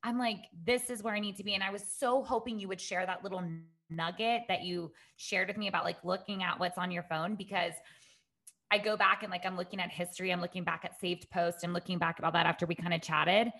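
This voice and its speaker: A woman's voice: on the low side, fairly even intonation, a little fast, creaky, fairly bright tone. A woman hosting a podcast, chatting casually with an affirming, emotional manner. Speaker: podcast host. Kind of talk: casual interview chat.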